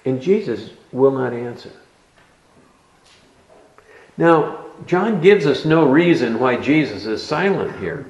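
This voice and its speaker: A man preaching an expository sermon, teaching in a measured way and stressing key words. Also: mid-range voice, animated, darkish tone, roomy sound, highs cut off.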